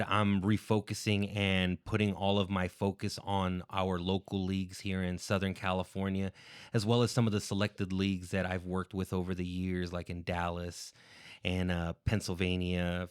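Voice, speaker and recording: Deep, smooth-voiced man talking earnestly. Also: dry recording, studio quality. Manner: earnest, explains at length with fillers. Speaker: podcast guest. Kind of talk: casual podcast chat.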